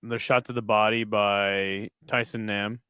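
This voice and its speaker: A man's voice: lowish voice, little pitch movement, moderate pace, pushed and bright, clean tone, dry recording. Crude, joking man on a dry mic. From United States. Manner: crude, joking, chatting with viewers between fight calls. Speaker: streamer hosting a fight watch party. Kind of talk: casual live-stream commentary.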